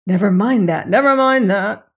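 Narrator doing a weary, worried doctor. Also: male voice, high voice, a little slow. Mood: firm. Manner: weary, firm, hushed. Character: weary, worried middle-aged doctor and father. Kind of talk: audiobook reading of a mystery novel.

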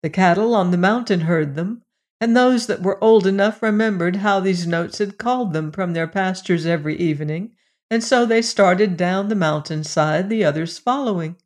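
A woman reads a storybook aloud at a mid pitch, steady and even in her delivery. Her narration is calm and unhurried.

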